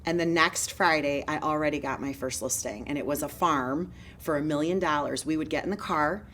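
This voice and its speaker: A woman in her forties, a real estate broker, telling her story in an energetic, fast-moving interview style. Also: low-pitched, a little hiss or hum.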